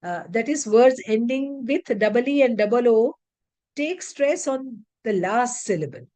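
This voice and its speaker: A woman gives an English pronunciation lesson over a video call. Her pitch sits a little high and moves a lot. She talks slowly and deliberately as she reads out lists of words. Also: animated, warm tone. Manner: slow, deliberate, reads word lists aloud. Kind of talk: online lecture on word stress.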